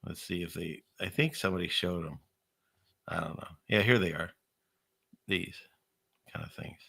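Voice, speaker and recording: A man's voice: low voice, moderate pace, gravelly, pushed and bright, husky. A middle-aged man hosting a casual, rambling commentary show with a conspiratorial, chuckling manner. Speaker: channel host.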